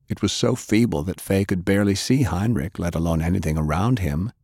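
Deep-voiced male audiobook narrator. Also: a little fast, a little mellow, husky, no echo, studio quality.

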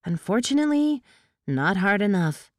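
A woman's voice: mid-range voice, sing-song, normal speed, no room sound, studio quality, voice pushed up, lightly acted. A woman reading as a wry, cool male agent.

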